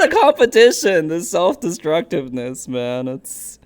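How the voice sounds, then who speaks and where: A young woman streamer talking casually, animated and laughing, who now and then squeaks into quoted voices. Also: normal speed. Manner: animated storyteller, laughs often, jumps to squeaky voices when quoting. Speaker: interviewer, streamer.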